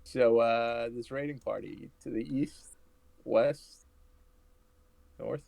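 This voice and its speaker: A man's voice: mid-range voice, takes it slowly, creaky, a little mellow, no room sound. A man playing a tabletop game over an online call, speaking hesitantly with many fillers. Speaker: player. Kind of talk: casual tabletop play.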